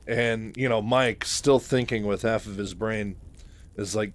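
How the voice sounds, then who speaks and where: A man walks through a story recap in a loose, chatty way, stacking fillers and asides and laughing at his own remarks. His voice sits on the low side. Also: fairly even intonation, a little slow. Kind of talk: casual retelling of a story.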